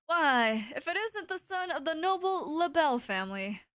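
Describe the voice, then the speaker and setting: A woman voicing a calm, sinister male pigeon doctor who speaks slowly and coldly in a game playthrough. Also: high-pitched, no room sound. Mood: menacing. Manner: slow, cold, deliberate.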